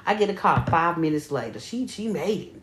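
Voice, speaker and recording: A young woman co-hosting a podcast, telling a story in casual chat with lively, profane retellings and acted-out quotes. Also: deep voice, normal speed, a little hiss or hum. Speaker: podcast co-host. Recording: echoey room.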